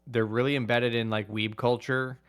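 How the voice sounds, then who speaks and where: A man with a smooth, clear voice joins a casual podcast, joking around with his friends. He hesitates often, filling gaps with "like" and "um.". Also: mid-range voice, flat delivery, normal speed. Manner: playful, hesitant, lots of "like" and "um". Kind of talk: casual chat.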